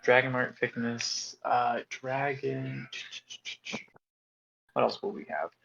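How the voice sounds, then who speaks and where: A man's voice: mid-range voice, steady tone, slow, vocal fry, a bit bright, a little hiss or hum. A man playing a tabletop game, eagerly brainstorming ideas aloud. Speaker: player. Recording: dull lo-fi audio.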